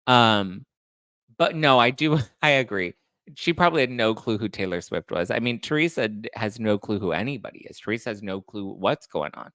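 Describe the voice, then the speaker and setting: A man hosting a casual celebrity gossip show, talking in a campy, shade-throwing way with quick asides. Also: lowish voice, expressive, a bit bright, no echo, studio quality. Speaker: podcast host.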